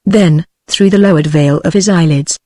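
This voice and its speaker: A text-to-speech woman's voice with a British accent, narrating an audiobook in an even synthetic delivery. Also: fairly low pitch, normal speed, no echo, studio quality. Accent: British English.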